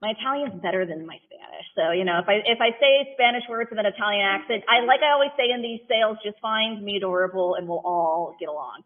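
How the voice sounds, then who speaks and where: Lady auctioneer rattling off bids in a steady chant, chatty little jokes at her own expense, thin phone-line sound. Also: mid-range voice, quick pace, few pauses. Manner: rhythmic bid calling mixed with chatty, self-deprecating asides. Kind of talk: live auction calling.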